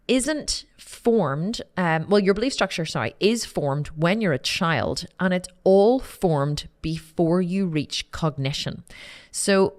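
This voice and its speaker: A woman hosting a podcast, telling a personal story in a candid, animated way, repeating phrases and swearing casually. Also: lowish voice. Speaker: podcast host.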